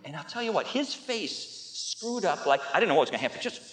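A pastor preaching a sermon, telling stories with emphatic repetition that builds to loud peaks. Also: male voice, sits high, sing-song, quick pace, background noise. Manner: storytelling, with laughs and asides to the audience. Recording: echoey hall with long reverb.

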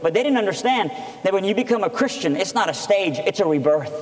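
A man shares his testimony as a sermon in an echoey hall, his voice sitting high as he talks fast and expressively. He tells the story earnestly and with plenty of energy.

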